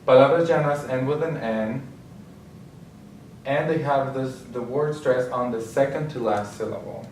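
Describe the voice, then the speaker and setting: A male Spanish teacher giving a slow, explanatory lecture with frequent restarts. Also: medium pitch, darkish tone, slight background noise. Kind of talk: classroom-style lecture. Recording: roomy and distant with faint ambience.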